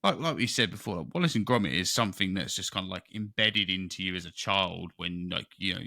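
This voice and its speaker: A man co-hosting a podcast, telling stories in an excitable, rambling way. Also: sits low, fast talker, gravelly, dry recording, studio quality. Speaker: podcast co-host. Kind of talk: casual chat.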